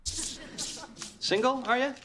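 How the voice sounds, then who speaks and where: A man's voice: extremely high pitch, drawn-out words, pushed and bright, full character voice. An actor playing a man in a sitcom clip, speaking in a teasing, sing-song way. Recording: sitcom clip with background noise.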